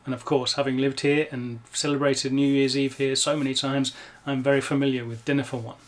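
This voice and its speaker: A man's voice: mid-range voice, brisk. Wry middle-aged Englishman vlogging. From England. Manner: wry, self-mocking, lively. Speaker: YouTuber. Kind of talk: scripted vlog to camera.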